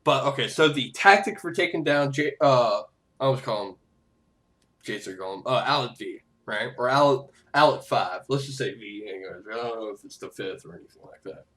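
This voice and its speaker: A man giving casual, excitable commentary over a game, swearing freely and breaking into laughs and shouts. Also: fairly quick. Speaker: gameplay commentator. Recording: noisy low-quality game capture audio.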